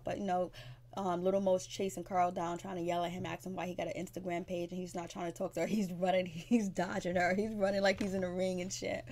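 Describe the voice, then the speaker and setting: A woman's voice: lowish voice, little pitch movement, a little fast, warm tone. A woman, casually recapping a reality show, blunt and gossipy, acting out the cast's lines in sassy voices.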